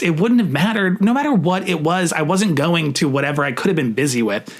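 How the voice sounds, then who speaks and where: A young adult man casually telling a story to camera, chatty and profane, full of "like" fillers, rushing some phrases and drawing out others. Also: fairly high pitch, expressive. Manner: shifts between rushed and drawn-out phrasing. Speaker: vlogger.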